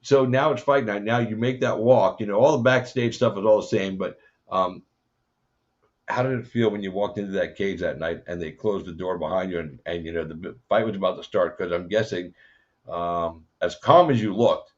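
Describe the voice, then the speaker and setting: A low-voiced man hosts a casual interview, talking in long rambling runs full of fillers and swearing. The audio is dull and lo-fi. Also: steady tone, moderate pace. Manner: rambling, profane, many fillers. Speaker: podcast host.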